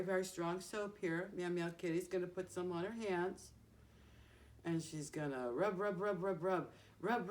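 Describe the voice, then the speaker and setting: A woman who entertains children, speaking to young kids in a gentle, sing-song way with exaggerated emphasis. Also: on the low side.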